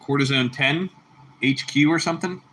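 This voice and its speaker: A man's voice: a little high, normal speed, sharp tone, slight background noise. A man hosting a casual livestream and chatting with viewers. He laughs easily, repeats himself, and calls people bro and bucko. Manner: laughs a lot. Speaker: livestream host reading chat.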